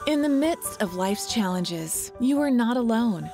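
A woman reading a scripted promotional voice-over in a gentle, reassuring way. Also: a little high, expressive, a little slow. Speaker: announcer. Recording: music bed behind voice.

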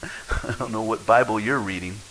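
A man preaches a sermon in a lowish, bright, forceful voice. He acts out quoted people and swings from loud to hushed. A faint hiss sits under the recording. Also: normal speed, low-quality recording. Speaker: pastor.

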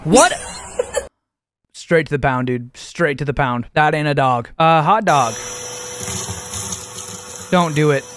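A young man reacting to memes in an excitable, slangy way, often slipping into silly voices. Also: fairly high pitch, measured pace, noisy background. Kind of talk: casual reaction commentary. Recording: music playing behind.

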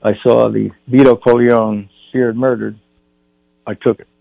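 A man's voice: medium pitch, little pitch movement, unhurried, creaky, no room sound, lo-fi sound. An older man, a guest film director, telling a story on a radio talk show and acting out the dialogue.

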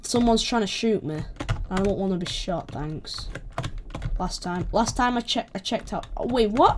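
A woman with a British accent giving casual gameplay commentary, excitable, yelping when attacked and trash-talking playfully. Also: mid-range voice, measured pace, a little hiss or hum. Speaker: gaming video creator.

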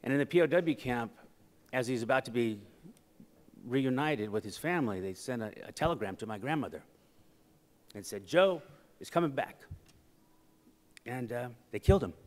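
A man giving a conference keynote, telling personal stories and moving between quiet passages and loud, emphatic ones into a podium microphone. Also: mid-range voice, expressive, moderate pace, long pauses. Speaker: keynote speaker. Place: conference hall with audience. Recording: reverberant conference hall. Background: audience laughter.

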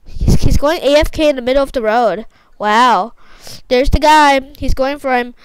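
A young woman commentating her own gameplay, excitable and repetitive, often exclaiming. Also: sits high, normal speed, smooth, no room sound, poor audio. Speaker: gaming YouTuber.

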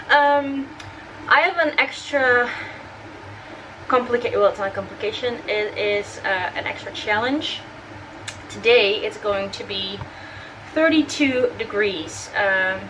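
A young woman hosting her sewing channel, chatting casually to camera in her attic workshop, rambling with lots of fillers and self-corrections. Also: mid-range voice. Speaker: sewing and costume channel host. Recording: distant mic with air conditioner hum. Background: air conditioner running.

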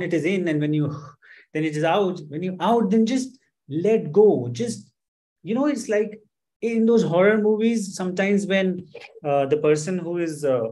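A man leading a live-streamed stress management workshop, talking with many fillers and gently coaxing his viewers. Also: high-pitched, poor audio. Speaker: workshop instructor.

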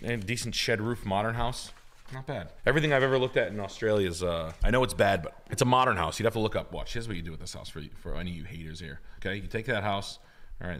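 A man with a notably deep, low voice talks through house listings in a loose, casual way, dropping swears as he goes. It sounds like a relaxed studio podcast, with a good deal of offhand riffing. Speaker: podcast co-host.

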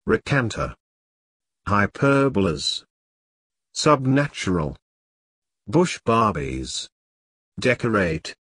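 A man reads a vocabulary list one word at a time, leaving a pause after each. His voice is low and husky, and his pitch moves freely between words. The delivery is very slow and the sound is dry and close. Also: a bit bright, no echo. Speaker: vocabulary reader. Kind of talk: reading a word list aloud.

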